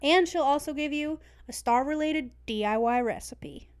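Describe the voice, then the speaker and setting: A woman's voice: high-pitched, normal speed. A young woman chatting casually as a podcast co-host, rambling and laughing often. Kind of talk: casual chat.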